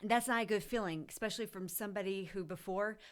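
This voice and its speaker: A woman co-host, a mother, telling her recovery story in a halting way with many pauses. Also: mid-range voice. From Missouri. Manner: halting, with many ums and restarts. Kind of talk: personal testimony.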